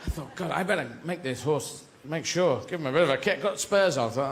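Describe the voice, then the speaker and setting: A man's voice: fairly high pitch, animated, brisk, slight background noise. A male stand-up comedian, rambling and digressive, acting out scenes in a live routine. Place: live venue with audience. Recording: roomy live venue.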